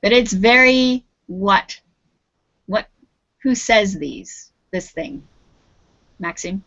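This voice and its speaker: A Canadian-accented woman teaches an English lesson over a video call, patiently prompting her students. Her mid-range, fairly bright voice is very slow, and the audio is dull and lo-fi.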